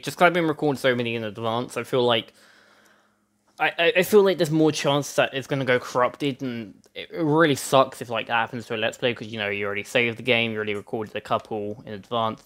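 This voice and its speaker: Rambling lad commentating gameplay. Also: male voice, medium pitch, fairly bright tone. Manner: chatty, rambling, self-interrupting with many restarts. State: hot and sweaty, a bit out of breath. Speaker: let's play host.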